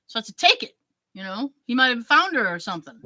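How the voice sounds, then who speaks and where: A woman podcast host telling a story in casual chat, acting out the quoted dialogue with lively emphasis. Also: on the high side, fast talker, dry recording, poor audio. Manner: animated, acts out quoted dialogue.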